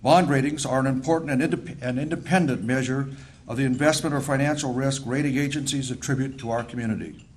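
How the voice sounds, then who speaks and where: An older man delivering a formal annual address as mayor at a luncheon, speaking in a measured, deliberate way and repeating words for emphasis. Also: medium pitch, slight background noise. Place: luncheon banquet hall.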